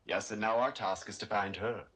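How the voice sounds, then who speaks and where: A curt low-voiced officer. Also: male voice, moderate pace, a bit bright.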